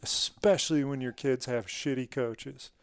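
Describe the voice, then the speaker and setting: A man hosting a podcast, asking parenting questions in a relaxed, conversational way. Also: medium pitch, measured pace, clear, resonant tone, no room sound, studio quality. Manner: relaxed, conversational, says "dude". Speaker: podcast host. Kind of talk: casual interview chat.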